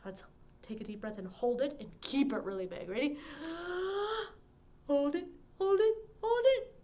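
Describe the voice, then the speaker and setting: A woman leading a preschool story time, singing and talking in a bright, sing-song, encouraging way. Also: sits high, sing-song, moderate pace. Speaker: children's librarian.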